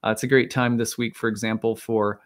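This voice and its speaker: A man's voice: mid-range voice, level tone, brisk. A man giving a casual, rambling solo talk as an astrologer, thinking aloud with many fillers and restarts. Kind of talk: casual monologue.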